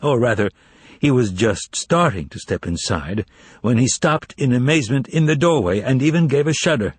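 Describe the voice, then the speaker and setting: Husky, lively male audiobook narrator. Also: medium pitch, moderate pace, no echo. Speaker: audiobook reader. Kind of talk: expressive novel narration.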